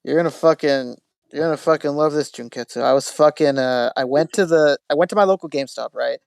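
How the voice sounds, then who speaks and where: A man's voice: on the high side, brisk, creaky, no echo. A man hosting a podcast, telling a story in casual chat, swearing freely and acting out quotes. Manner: profane, animated storytelling with acted quotes. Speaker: podcast host.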